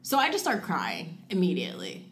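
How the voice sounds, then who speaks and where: Telling a personal story as a guest in casual chat, a young woman speaks with a lowish voice and huge pitch swings, using frequent "like" fillers and quoting her own past thoughts. She speeds through phrases and slows on key words, with slight background noise.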